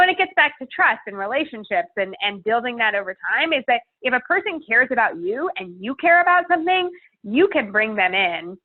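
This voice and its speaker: A woman guest speaking over a tinny, phone-like remote call in a podcast interview. Her voice sits at a middle pitch. She talks earnestly and emphatically and works through her thoughts out loud. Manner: earnest, emphatic, thinks aloud. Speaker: guest, climate organizer.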